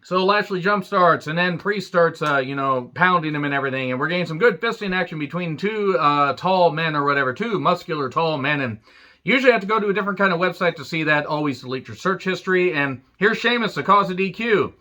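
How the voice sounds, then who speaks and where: A man's voice: a little high, animated, a little fast, bright, forceful tone. A man ranting through a wrestling show recap with sarcastic crude jokes and frequent swearing.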